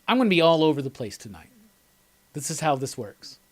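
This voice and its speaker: Here the host of a live movie commentary talks fairly quickly, his high-leaning voice swinging widely in pitch. He's casual and excited, laughing and rambling while chatting with his audience.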